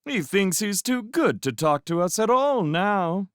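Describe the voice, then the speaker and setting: A man voicing a smug, sneering young male magician who talks in a mocking, sharp-edged way. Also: mid-range voice, sing-song, normal speed, no room sound, studio quality, pitched above the performer's own voice, natural voice.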